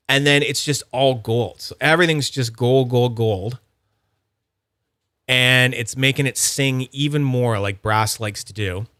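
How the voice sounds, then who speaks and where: A man's voice: medium pitch, sharp tone, no echo, studio quality. A young man rambling casually about fidget toys, full of fillers and restarts. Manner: rambling, filler-heavy, chatty. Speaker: fidget toy reviewer. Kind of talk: casual unboxing chat.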